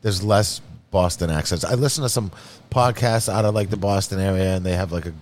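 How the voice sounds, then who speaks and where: A man's voice: sits low, a little fast, darkish tone. Profane, easygoing Massachusetts man. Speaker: podcast host. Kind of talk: casual podcast chat.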